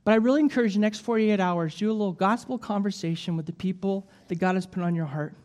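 Animated man preaching a sermon. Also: high voice, fast talker. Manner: animated storytelling with jokes and laughs. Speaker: evangelist.

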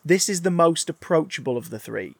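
A man co-hosting a podcast, chatting casually about a film, animated and swearing freely as he acts out scenes. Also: on the high side, fairly quick, vocal fry, breathy edge, no room sound. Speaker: podcast co-host. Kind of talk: casual film review chat.

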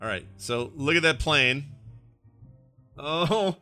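A man's voice: fairly high pitch, animated, takes it slowly, bright, forceful tone, no room sound, faint music behind. A man co-hosting a live morning show, chatting casually, laughing and talking to his chat room. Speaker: podcast co-host.

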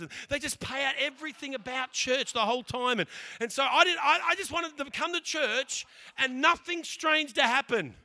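An Australian man preaching a sermon, telling a lively church story with animated, repeating delivery. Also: very high voice, a little fast. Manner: animated, repeats words as he speeds along.

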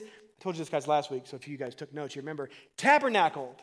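Man, pastor, sermon delivery, casual animated tone, big swings in volume, a bit high-pitched. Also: brisk. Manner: animated, conversational preaching with dramatic swings in loudness.

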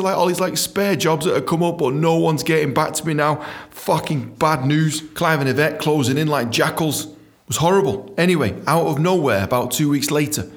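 An English man reads his own memoir and breaks into crude, joking asides that are full of swearing. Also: fairly high pitch. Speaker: author reading his book.

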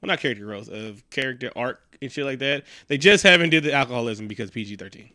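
Brief: bright, forceful male co-host, dry close sound, crude and animated banter. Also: medium pitch, fast, dry recording. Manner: profane, animated, joking. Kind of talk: casual movie recap chat.

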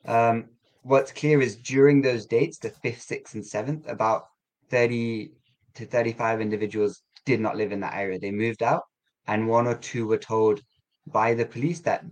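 A man with a somewhat low voice, answering interview questions at length. He talks in a measured, halting way, pausing with fillers and restarting his sentences as he explains. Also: steady tone, poor audio. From England. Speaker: guest, community coordinator. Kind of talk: conversational interview.

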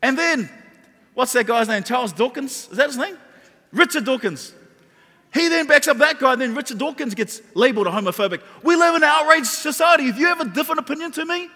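A man's voice: very high voice, expressive, normal speed, sharp tone. A man preaching a sermon, impassioned and emphatic, repeating his key phrases. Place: church hall. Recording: long reverb of a large hall.

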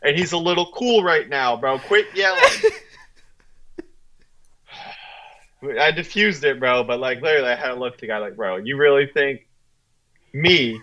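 A man's voice: a little high, lively intonation, moderate pace, pauses often, sharp tone, highs cut off. A young man on a podcast, co-hosting, telling a story in casual chat and acting out quotes with plenty of laughs and swearing. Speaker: podcast co-host.

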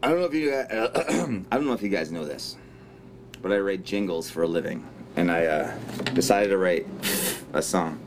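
Deep-voiced, awkward jingle writer, played by a man, slow, crooning over guitar. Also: expressive, slight background noise. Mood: deadpan. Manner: deep put-on speaking voice, then crooning.

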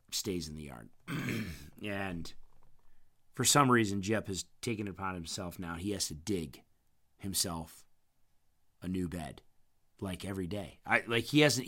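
Clearing his throat again and again, a man with a lowish, pushed, bright voice wanders through a story during an easygoing chat. The strain comes from damage to his vocal cords.

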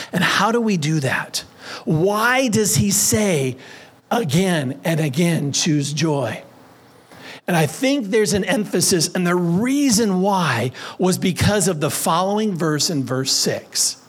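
A man with a fairly high voice preaches a sermon. He reads scripture, plays with words and leads his congregation in call and response. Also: breathy edge. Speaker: pastor.

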